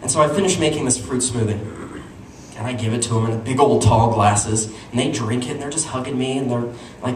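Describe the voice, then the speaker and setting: A man performing a stand-up comedy story at a small live show, animated and breaking into squeaky voices for his characters. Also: a little fast. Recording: echoey room, distant mic, noisy.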